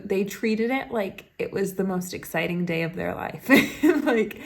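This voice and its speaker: A young woman, a third grade teacher, chatting at home into a phone held up in front of her, gushing and full of "like"s and little laughs. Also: on the low side. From Maine, USA. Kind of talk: casual vlog chat to camera. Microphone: phone held up to the face.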